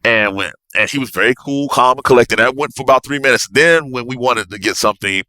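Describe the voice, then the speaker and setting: A man, a navy officer, telling a story as a podcast guest in an animated, excitable way with bursts of laughter. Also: medium pitch, fairly quick, no echo. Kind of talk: casual storytelling.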